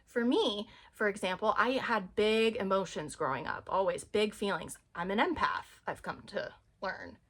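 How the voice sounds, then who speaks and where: A woman's voice: mid-range voice, moderate pace, few pauses, fairly bright tone. Earnest woman vlogging casually. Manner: earnest, rambling, many fillers. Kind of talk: casual self-help talk to camera.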